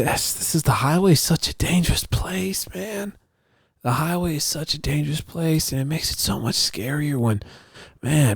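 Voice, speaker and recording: A man's voice: mid-range voice, a little mellow, no room sound, clean studio sound. A young man hosting a podcast alone, rambling casually and swearing constantly, with lots of restarts. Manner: profane, rambling, many restarts. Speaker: podcast host.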